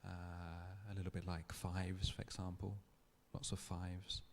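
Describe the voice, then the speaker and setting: A man giving a public lecture, telling a story in a thoughtful, measured way with small restarts. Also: low voice, monotone, creaky. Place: lecture hall.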